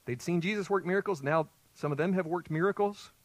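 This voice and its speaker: A man's voice: high voice, brisk, dry recording. A male pastor preaching an expository sermon, emphatic and putting rhetorical questions to his congregation.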